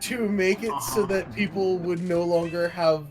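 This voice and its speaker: A co-streamer in casual chat, dropping trivia in a deadpan way. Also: mid-range voice, a little slow. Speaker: co-streamer friend. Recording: loud music behind.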